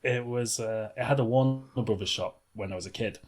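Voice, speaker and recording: A man's voice: lowish voice, brisk, crowd noise. A man, hosting a podcast in casual chat, laughing often and rambling. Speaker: podcast host.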